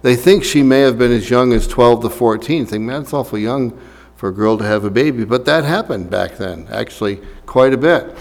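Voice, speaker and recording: A man's voice: medium pitch, moderate pace, creaky, big-room sound. A man preaching a sermon as a pastor, talking casually with fillers and reading scripture aloud.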